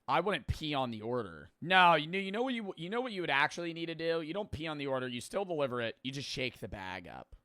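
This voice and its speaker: A man's voice: a little high, sing-song, fast, few pauses, sharp tone, no echo. Blunt man in a dry room. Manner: blunt, swears freely, riffs with mock voices. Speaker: co-host reacting to videos. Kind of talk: casual reaction chat.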